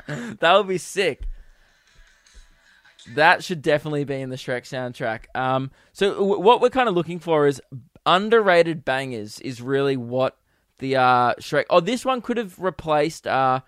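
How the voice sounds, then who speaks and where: A man's voice: medium pitch, expressive, moderate pace, a bit bright, no room sound, clean studio sound. A young man, hosting a casual solo podcast, rambling and giggly with lots of fillers. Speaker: podcast host and comedian.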